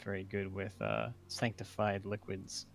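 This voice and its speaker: A man's voice: on the low side, completely flat delivery, measured pace, vocal fry. Man musing as a tabletop player. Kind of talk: casual in-character play.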